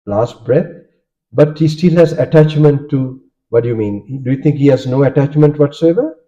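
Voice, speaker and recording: A Sri Lankan man, a Buddhist monk who speaks Sinhala natively, gives a Dharma talk in a warm, mid-range voice at normal speed. He questions his listeners and often checks in with "okay?". Audio quality is dull and lo-fi.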